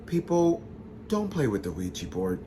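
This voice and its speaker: A man casually retelling a listener's ghost story, chatty and expressive, with sassy asides to the audience. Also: mid-range voice, moderate pace, slight background noise.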